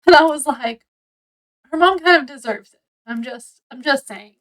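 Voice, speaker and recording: A woman's voice: sits high, normal speed, fairly bright tone, rough recording. A woman casually reviewing a book, rambling through the story with lots of likes and ums.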